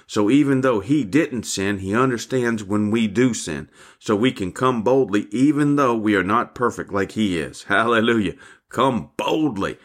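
A man's voice: on the low side, moderate pace, hardly any pauses. An older man giving a fervent devotional sermon as a pastor, calling his listeners family. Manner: fervent, repeats calls of "family" and "hallelujah".

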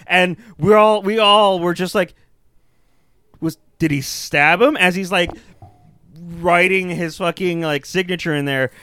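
A man co-hosting a casual movie review chat, talking in an animated way with lots of fillers, restarts and swearing. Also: high voice, smooth, no room sound, clean studio sound. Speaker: podcast co-host.

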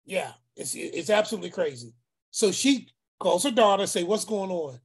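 A man tells a long family story, acting out the people in it and repeating words for effect. His voice is somewhat breathy and husky. At times his tone turns preacherly. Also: high voice, moderate pace. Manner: animated, acts out voices, repeats phrases; preacherly, speaks of faith. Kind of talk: casual storytelling.

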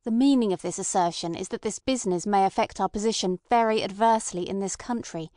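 Brief: woman reading an impatient male radical, blunt and loud-ish, dry close sound. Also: mid-range voice, fast, dry recording, lightly acted. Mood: agitated. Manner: blunt, agitated. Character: impatient resentful male anarchist, Ossipon.

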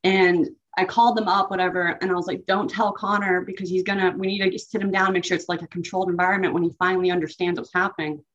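Woman, low-pitched, emotional storyteller, halting, many fillers, dull audio. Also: flat delivery, fairly bright tone. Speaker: guest.

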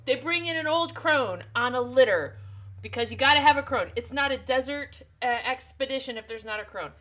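A woman co-hosting a podcast, recapping a book chapter in a jokey, irreverent way and acting out characters in quick voices. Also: high voice, lively intonation, pushed and bright. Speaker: podcast co-host.

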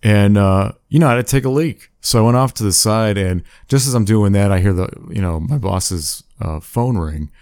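Guy telling work stories, kinda low voice, swears a lot, dry close sound. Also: normal speed, few pauses, smooth, no room sound. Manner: animated storytelling, swears casually. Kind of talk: casual chat.

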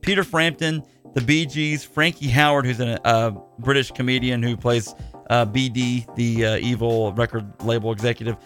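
A man's voice: mid-range voice, level tone, moderate pace, fairly bright tone, soft background music. A man hosting a podcast, chatting casually in a jokey, rambling way with lots of fillers. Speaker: podcast host.

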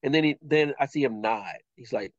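A man's voice: mid-range voice, brisk, no room sound, muffled recording. A middle-aged man, an actor and interview guest, telling a long story in a casual way, acting out what people said with lots of "I was like.". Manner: animated, acts out quoted dialogue with 'I was like'.

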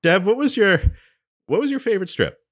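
A man hosting a comics podcast, steering the casual chat in a lively, teasing way. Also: high voice, a little fast. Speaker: podcast host.

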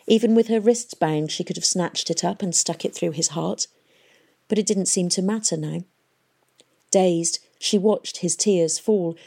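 Low-voiced woman narrating an audiobook. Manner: measured, even storytelling.

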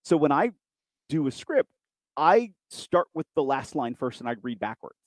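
A man chatting casually, telling self-deprecating stories with quick asides. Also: on the high side, very animated, no echo. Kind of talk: casual chat.

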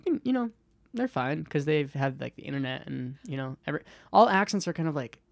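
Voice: medium pitch, animated, a little fast, vocal fry, no echo. A young adult podcast host chatting casually, rambling, trailing off mid-thought and laughing often.

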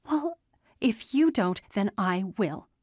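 A woman's voice: mid-range voice, lively intonation, slow pace, darkish tone, dry recording, studio quality, voice pushed up. A woman narrator voicing a defiant sixteen-year-old girl who talks in an urgent, pleading way.

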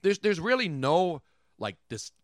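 A middle-aged man hosting a radio show, riffing in casual comedic banter with an animated, rambling delivery. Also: high voice, measured pace, no echo, clean studio sound. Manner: animated, joking, rambling riffs.

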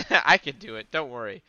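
A man's voice: medium pitch, very animated, measured pace, pushed and bright, dull audio. A man co-hosting a casual podcast, rambling and wisecracking as he reacts, swearing freely. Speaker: podcast co-host. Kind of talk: casual chat watching wrestling.

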